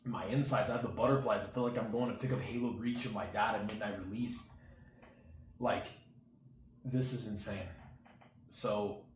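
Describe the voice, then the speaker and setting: Speaking to his viewers as channel host, a young man recounts a personal story in a loose, filler-heavy way, imitating his friend's words. The voice is on the low side with fairly even intonation at normal speed, pausing often, in a room with noticeable echo and a faint hiss.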